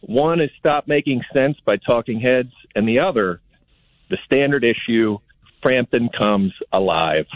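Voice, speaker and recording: A man's voice: medium pitch, measured pace, no echo. A man calls into a radio show and teases the host with wry humor. His voice comes through a dull, lo-fi line. The sound is dry, with no room around it. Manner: wry, teasing. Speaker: caller. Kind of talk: call-in radio chat.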